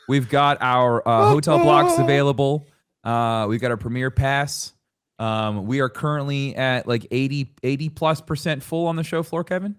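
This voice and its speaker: A man co-hosting a podcast, chatting in an animated, jokey way and laughing often. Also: medium pitch, moderate pace, clear, resonant tone. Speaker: podcast co-host. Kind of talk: casual chat.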